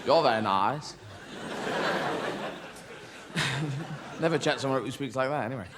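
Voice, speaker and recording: A man's voice: medium pitch, measured pace. A man doing stand-up comedy on stage, rambling through absurd tangents, swearing, and slipping into silly voices. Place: stage at a live show. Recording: live show with loud background noise.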